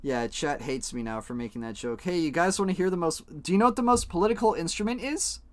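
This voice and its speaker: A young man chats casually on a live stream, rambling and joking with plenty of swearing. His voice sits a little high for a man, and the sound is dry and close. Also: fast, no room sound. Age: young adult. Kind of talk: casual live-stream chat while coloring.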